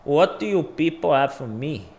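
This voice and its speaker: A man's voice: fairly high pitch, animated, normal speed, a little mellow. A man hosting a casual livestream, chatting with viewers and thinking aloud as he walks through price charts. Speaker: crypto livestream host.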